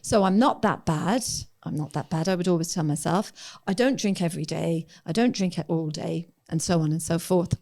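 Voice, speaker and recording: Gravelly and a little mellow, her fairly low voice moves at normal speed with few pauses. She's a middle-aged English-born woman raised in Ireland, candidly and reflectively talking as a podcast guest and voicing the thoughts she once had.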